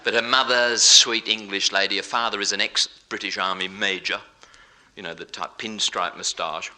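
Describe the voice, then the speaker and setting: A man with an Australian accent telling jokes in a chatty, quick live stage comedy routine. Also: fairly low pitch, fairly even intonation, sharp tone. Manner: quick, chatty joke-telling with broad comic asides. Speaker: entertainer. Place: live theatre show.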